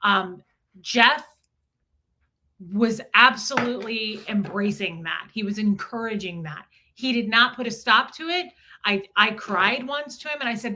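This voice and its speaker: A woman co-hosting a live stream, telling a personal story in an earnest, animated way that repeats itself. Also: a little high, a little slow. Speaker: co-host.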